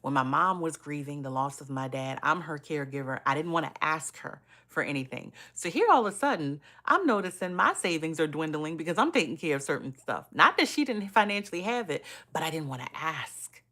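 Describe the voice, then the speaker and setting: A woman's voice: sits low, expressive, fairly quick, hardly any pauses, sharp tone. A middle-aged woman, a caregiver coach, talking earnestly and personally on a live stream, often checking in with "right?".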